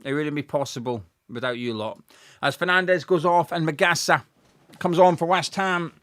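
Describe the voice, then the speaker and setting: A young man hosting a live football watch-along, chatting excitedly and reading out viewers' messages. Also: on the high side, normal speed. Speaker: fan channel host.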